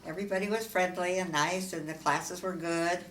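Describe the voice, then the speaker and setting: An older woman from Omaha, Nebraska, unhurriedly recounting her life story in an oral history interview, with frequent fillers and soft laughs. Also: fairly low pitch, fairly even intonation, a little fast. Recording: echoey room, far from mic, faint hiss.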